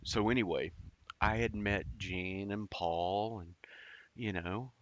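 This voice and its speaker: A man's voice: fairly low pitch, takes it slowly, dry recording, highs cut off. A man casually telling a personal story, rambling and profane, with lots of fillers and restarts.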